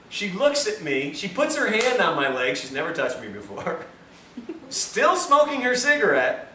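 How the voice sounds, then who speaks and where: Male health lecturer, animated storyteller, recorded on a far mic with faint hiss. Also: fairly high pitch, moderate pace, reverberant. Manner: animated, self-mocking storyteller. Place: lecture room with audience.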